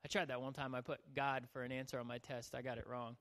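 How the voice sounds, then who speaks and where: A man's voice: medium pitch, level tone, fast talker, a bit bright, slight background noise. A young man preaching a sermon as a youth pastor, joking and acting out the people in his stories. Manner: joking, acts out voices. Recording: long hall reverb.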